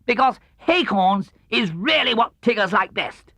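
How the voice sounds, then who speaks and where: A high, cheerful, bouncy tiger. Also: male voice, a little slow, vocal fry, no echo, heavily acted. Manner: cheerful, excitable, very decided. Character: bouncy boastful young male tiger. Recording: dull, dry 1970s LP studio recording.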